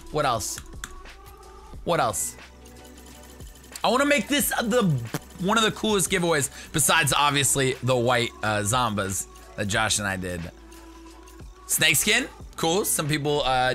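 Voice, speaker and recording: A young man hosting a gaming video, excitable and jokey, bursting into shouts as he comments. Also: medium pitch.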